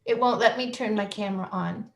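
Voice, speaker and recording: A woman's voice: mid-range voice, fairly quick, vocal fry. A woman on a video call making brief, mumbled asides.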